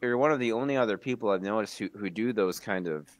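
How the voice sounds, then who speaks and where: A man's voice: fairly low pitch, quick pace, no room sound. A young American man talking casually as a guest, hesitant, with many restarts and fillers. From United States. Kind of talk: casual conversation.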